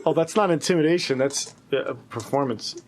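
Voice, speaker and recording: A man's voice: mid-range voice, a little fast, noisy background. A young man as game master, narrating animatedly with frequent laughter. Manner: animated, laughing, voices the captain and crowd.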